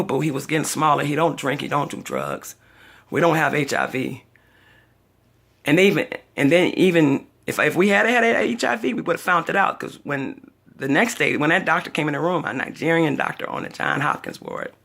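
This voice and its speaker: An older woman with a gravelly, husky voice talks straight to the camera in a casual vlog. She tells her story with drama, swinging her pitch widely as she acts out everyone she quotes. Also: fairly bright tone. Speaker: vlogger.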